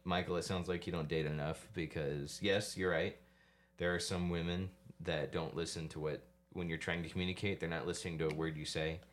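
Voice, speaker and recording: A man's voice: deep voice, little pitch movement, brisk. A young man co-hosting a casual podcast, reading advice comments aloud with sarcasm and frequent laughter. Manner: sarcastic, laughs often, mock-reads advice. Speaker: podcast co-host.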